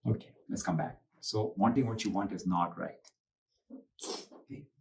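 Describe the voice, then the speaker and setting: A man hosting a talk, explaining life lessons in a lively, teacherly way with rhetorical questions. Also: on the low side, moderate pace, vocal fry, a little hiss or hum. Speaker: host. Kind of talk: casual talk with storytelling. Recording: distant mic.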